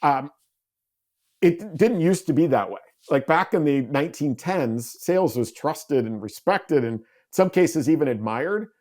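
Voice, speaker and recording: A man in his forties, a podcast guest, telling stories in an animated way and acting out quoted dialogue. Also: on the high side, measured pace. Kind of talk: storytelling interview talk.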